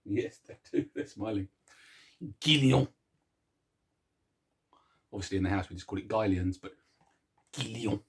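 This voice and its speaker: A low-voiced man talks fast with a flat, barely moving pitch, his tone a little mellow and slightly rough. He hosts a casual video chat, munching chocolate as he jokes, mocks himself, and chuckles at his own puns.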